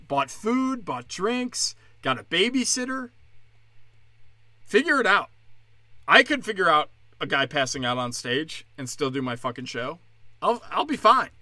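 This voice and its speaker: Comedian guy ranting mad on his podcast, swears a ton, sarcastic, sharp tense voice kinda high, dry sound. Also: no room sound. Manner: angry, profane, sarcastic ranting.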